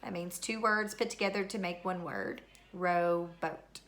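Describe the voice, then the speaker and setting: A woman's voice: mid-range voice, steady tone, pushed and bright. A woman teaching a third grade word study lesson, speaking patiently and repeating each word. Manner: slow, patient, deliberate, repeats words for spelling. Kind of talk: recorded classroom lesson.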